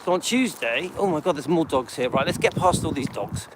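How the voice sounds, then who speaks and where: Middle-aged guy, slightly high voice, chatty and rambling, live stream on a dog walk, faint street noise. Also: lively intonation, fairly quick. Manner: rambling, chatty, loose asides with many ums. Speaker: channel host. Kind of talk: casual live-stream chat while walking. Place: outdoors on a residential street, walking a dog.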